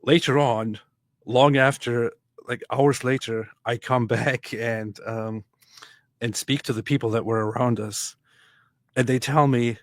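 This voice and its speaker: A man co-hosting a podcast, telling an anecdote in casual chat, animated and acting out what others said. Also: mid-range voice, measured pace, dry recording. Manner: animated, acts out quotes, frequent restarts. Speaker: podcast co-host.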